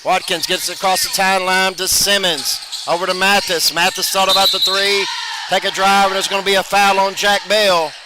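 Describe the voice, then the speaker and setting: A man calling a high school basketball game play-by-play, running through passes quickly and rising on made shots. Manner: rapid calls, bursts of excitement on made shots. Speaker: play-by-play announcer. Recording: noisy gym ambience behind voice.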